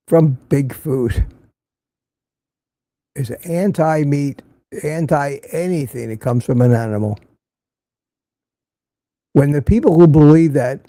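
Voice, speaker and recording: A man's voice: mid-range voice, dark tone, dry recording. An older man hosting a casual livestream, reading viewer comments and giving blunt, opinionated remarks that he often repeats for emphasis. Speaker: livestream host.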